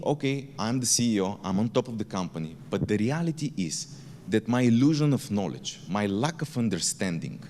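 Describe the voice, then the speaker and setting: A man's voice: lowish voice, dark tone, slight background noise. A man, a company founder, giving a candid keynote talk in a conference hall, with blunt language. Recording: reverberant conference hall, faint ambience.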